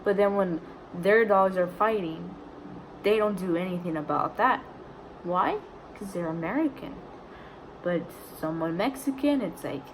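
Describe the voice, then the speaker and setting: A woman's voice: fairly low pitch, unhurried, a little hiss or hum, rough recording. A young woman vlogger casually retelling a story, chatty and indignant, full of "like"s.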